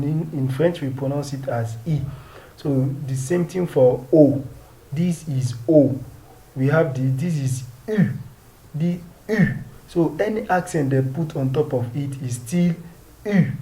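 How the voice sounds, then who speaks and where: Slow, mellow-voiced man teaching a language. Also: medium pitch. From Nigeria. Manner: slow, patient, repeats each sound twice; asks the viewer questions and answers them. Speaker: French teacher. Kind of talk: video lesson.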